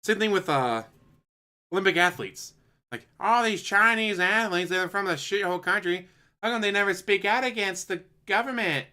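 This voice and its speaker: A man's voice: high voice, expressive, moderate pace, pushed and bright. A man streaming commentary, answering a clip with sarcastic, mocking rebuttals. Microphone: desk USB microphone.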